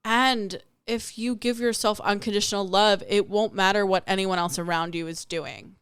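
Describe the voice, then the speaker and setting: A woman's voice: mid-range voice, fairly even intonation, normal speed, a bit bright, smooth, no echo. A young adult woman hosting a spiritual podcast, telling a personal story in a candid, reflective way and acting out the voices in it. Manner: candid, storytelling with acted-out quotes.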